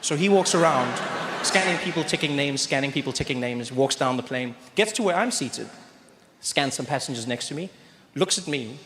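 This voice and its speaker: A man's voice: medium pitch, normal speed. A man in his thirties with a South African accent telling a stand-up story, acting out the people in it. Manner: animated storytelling, acting out characters with shifting voices. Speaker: stand-up comedian. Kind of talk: stand-up comedy set. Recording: echoey stage with audience noise.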